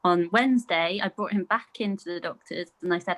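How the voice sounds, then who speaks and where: A woman's voice: on the low side, a little fast, fairly bright tone, rough recording. Chatty woman telling stories. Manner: chatty, storytelling with acted-out quotes and laughs. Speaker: podcast guest. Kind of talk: casual conversation.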